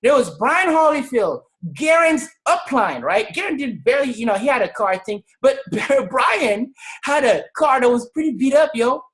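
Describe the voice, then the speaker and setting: A woman in her thirties from Senegal giving an energetic, emphatic motivational testimony on a video call, often raising her voice to tell her story. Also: high-pitched, normal speed, low-quality recording. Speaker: network marketing leader.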